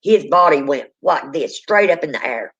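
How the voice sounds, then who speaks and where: Dramatic spoken storytelling, acts out voices, middle pitch, dull lo-fi recording. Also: expressive, moderate pace, a bit bright, husky. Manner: dramatic, acts out quoted people. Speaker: guest telling a true ghost story. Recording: dull lo-fi sound.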